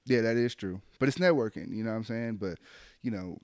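A man with a lowish voice tells a story in relaxed, profane chat. He is animated and slips into the voices of the people he quotes. The sound is dry and close. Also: brisk, no room sound. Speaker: podcast co-host telling a story.

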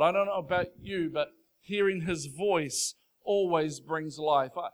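A man's voice: a little high, a little slow. A man preaching a sermon from a church stage, conversational and earnest, rising to emphatic passages. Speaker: pastor. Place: church stage before a congregation.

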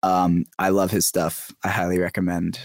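A man's voice: deep voice, monotone, moderate pace, dry recording, clean studio sound. A young man, a podcast guest, chatting casually and animatedly, full of "like" and "dude". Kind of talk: casual chat.

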